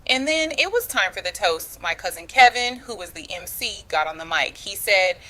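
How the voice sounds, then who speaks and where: Speaking conversationally, this woman recounts a story about her family, using words such as "girl" and "chile" in African American English. She sounds animated, pushed and bright, medium in pitch, at a moderate pace.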